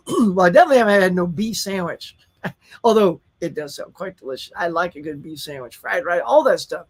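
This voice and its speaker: A man's voice: sits high, lively intonation, a little fast. A man, hosting a live stream in casual, upbeat chat and reading viewer comments aloud. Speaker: livestream host.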